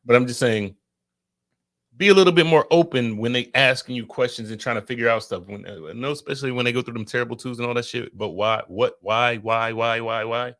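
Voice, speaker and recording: A man's voice: medium pitch, quick pace, fairly bright tone. A man with kids co-hosting a podcast, talking loosely and profanely and preaching straight at his viewers. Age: adult with children. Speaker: podcast co-host. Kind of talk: casual podcast chat.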